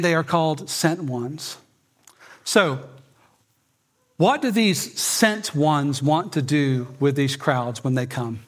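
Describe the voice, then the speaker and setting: A man preaching a sermon, emphatic, swinging between loud and soft and often repeating words. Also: high voice. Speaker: pastor.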